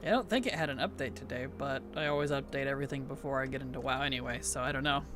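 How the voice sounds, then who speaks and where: A man streaming a video game, chatting in a playful, giggly and animated way. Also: mid-range voice, rapid-fire, noisy background. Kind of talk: casual gaming stream chat.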